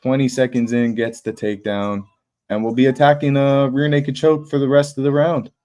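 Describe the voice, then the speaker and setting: A young man calling a fight live on his stream, with a middle-pitched voice. He talks casually and bluntly and throws in slang and swears. His tone moves between flat and fired up. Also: moderate pace. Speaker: livestream host. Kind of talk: live fight watch-party commentary.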